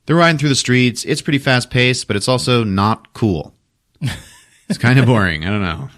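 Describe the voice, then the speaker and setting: A man casually recapping a movie for a podcast, swearing, laughing and acting out the characters in quick voices. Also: medium pitch, a bit bright. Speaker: podcast host recapping a film.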